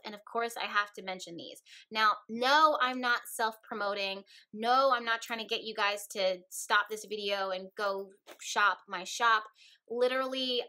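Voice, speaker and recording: A woman's voice: fairly high pitch, pushed and bright, rough recording. A young adult woman vlogging about her witchcraft shop, speaking earnestly and chattily straight to her viewers. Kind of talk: casual talk to camera.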